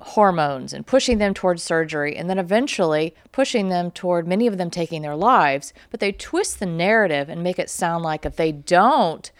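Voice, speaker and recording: A woman's voice: on the low side, clear, resonant tone, no echo, studio quality. A woman co-hosting a radio talk show, speaking in an earnest, agreeing way.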